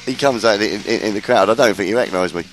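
A man's voice: on the low side, quick pace, faint music behind. A man hosting a casual radio chat, enthusiastic and rambling, often restarting his sentences. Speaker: radio show host.

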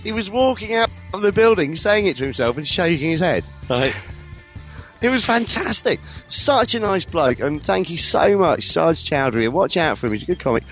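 A man hosting a radio show, telling a funny anecdote in lively, casual storytelling chat. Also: on the high side, moderate pace, soft background music. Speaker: radio host.

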